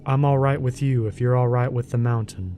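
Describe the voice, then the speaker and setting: A man voicing a huge, rough male mountain guardian with a deep rumbling voice, a thick rural accent and a blunt, serious, folksy way of talking. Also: steady tone, a little fast, mellow, faint music behind, lightly acted. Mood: solemn.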